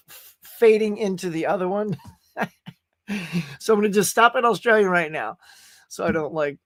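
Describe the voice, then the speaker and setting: A man hosts a relaxed livestream, rambling and chatty, laughing often and greeting viewers by name. His voice sits high. The recording is close and dry, with no room sound. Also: no room sound. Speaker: livestream host. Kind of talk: casual live-stream chat.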